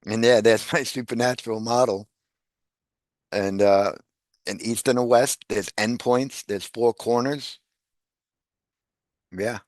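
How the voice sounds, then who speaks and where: A man talks through a casual podcast conversation, chuckling between points and doubling up his words as he goes. His voice sits at an ordinary pitch for a man. The sound is close and dry, with no room around it. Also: slow, pauses often, dry recording. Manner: animated, laughs often, repeats words. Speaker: guest.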